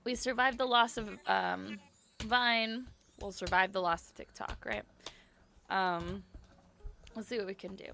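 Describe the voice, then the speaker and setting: A young woman streamer chatting casually and apologetically with her viewers from her bedroom at home, rambling from topic to topic in a brisk work voice. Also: medium pitch, fairly even intonation, creaky, pushed and bright, a little hiss or hum. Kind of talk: casual live-stream chat.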